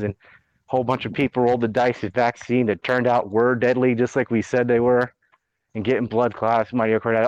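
A podcast host with a mid-range, clean-toned voice rants bluntly and sarcastically, swearing plenty through casual political chat. The recording is lo-fi but has no echo.

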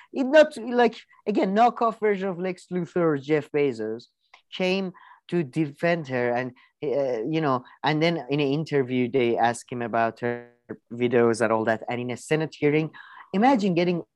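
A woman's voice: low-pitched, expressive, moderate pace, a little mellow, dry recording. A woman co-hosting a podcast, talking politics in a casual, sardonic way with lots of fillers and restarts. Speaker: podcast co-host.

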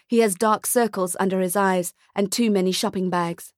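A woman narrating a dark-humoured short story audiobook in a measured, scripted reading. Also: medium pitch, fairly even intonation, no echo, studio quality.

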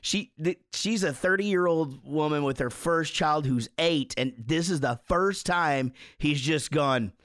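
Chatty man with a higher voice. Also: unhurried, hardly any pauses, a bit bright, dry recording, clean studio sound. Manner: rambling, profane, laughs while telling stories. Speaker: podcast co-host. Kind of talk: casual storytelling chat.

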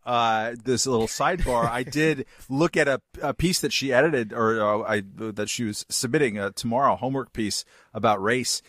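A man co-hosting a podcast in casual chat, telling a story in halting bits. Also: medium pitch, fairly bright tone, dry recording, clean studio sound. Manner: halting, with many fillers and restarts. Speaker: podcast co-host.

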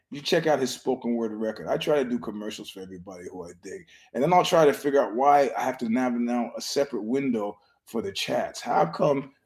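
A man's voice: medium pitch, a little mellow. Rambling, foul-mouthed male podcast host. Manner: profane, meandering storyteller with frequent restarts; keeps his voice down so he won't disturb a filming nearby. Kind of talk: casual rambling monologue.

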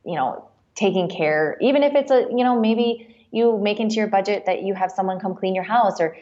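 A woman's voice: medium pitch, a little fast, warm tone, dull audio. A woman guest on a podcast interview, chatty and upbeat, giving practical advice. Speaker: guest, author. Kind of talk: casual interview chat.

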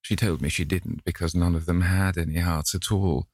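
A moody young gentleman murmurs polite, wry replies in a low, gravelly voice, as a man reads him in an audiobook. The sound is dry and close. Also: steady tone, moderate pace, dry recording. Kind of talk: audiobook character reading.

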